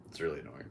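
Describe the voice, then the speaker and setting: A man hosting a podcast tells a story in casual chat, laughing often and acting out other people's lines.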